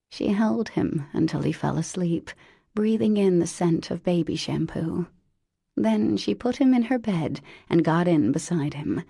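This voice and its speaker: A woman reading an emotional audiobook in measured narration. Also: on the low side, lively intonation, gravelly, mellow, husky, no room sound, studio quality.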